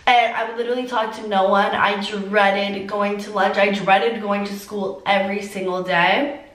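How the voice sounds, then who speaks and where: A teenage girl vlogger telling a personal story through tears, filler-heavy and halting. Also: mid-range voice, steady tone, fairly bright tone, roomy sound, far from the mic, rough recording. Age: teens. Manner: tearful, heavy use of "like". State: crying. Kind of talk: emotional storytime.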